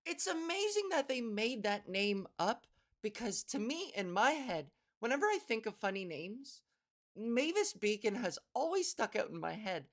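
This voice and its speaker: A woman's voice: fairly high pitch, sing-song, moderate pace. A woman podcast host and comedian doing a rambling, profane solo monologue. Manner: rambling, profane, self-interrupting.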